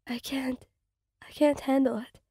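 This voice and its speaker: A woman's voice: a little high, steady tone, very slow, warm tone, dry recording, clean studio sound, exaggerated voice. A woman whispering as a frightened young listener, in a whispered role-play. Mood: scared. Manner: breathy, barely audible whisper.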